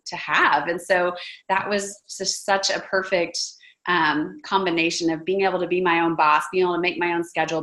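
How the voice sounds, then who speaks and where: A woman in her thirties with a Texas accent and a somewhat low voice. She talks casually and earnestly, ticking off points and pausing on ums. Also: a bit bright. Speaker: network marketing presenter. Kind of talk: casual testimonial talk.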